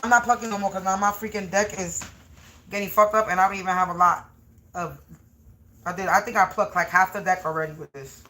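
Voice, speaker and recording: A woman doing a tarot reading on a livestream at home, muttering over her cards, then shouting and swearing at people she thinks are against her. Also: mid-range voice, steady tone, brisk. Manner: swears a lot, swings between muttering and shouting. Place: home room.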